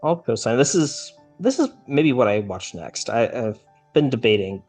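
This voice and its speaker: A man's voice: medium pitch, normal speed, soft background music. A young adult man co-hosting a casual anime podcast, reacting and asking his co-host questions. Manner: relaxed, asks questions and reacts.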